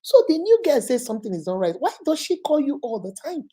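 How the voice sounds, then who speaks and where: A woman's voice: high-pitched, big pitch swings, fast, mellow. A woman hosting an advice show, retelling a viewer's story with dramatic quoted voices.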